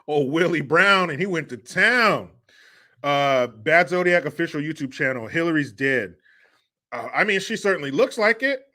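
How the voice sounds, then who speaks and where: Brief: male livestream host from the US, lively bright delivery, crude and jokey, swears freely. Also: a little high. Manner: crude, joking, drawling asides with profanity. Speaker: show host reading live chat. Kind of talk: casual livestream commentary.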